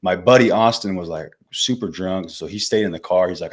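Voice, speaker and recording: A man's voice: low voice, brisk, breathy edge. A man in his twenties from California, a podcast guest telling stories in a laid-back, slangy way, calling the host man and bro. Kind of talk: casual storytelling interview.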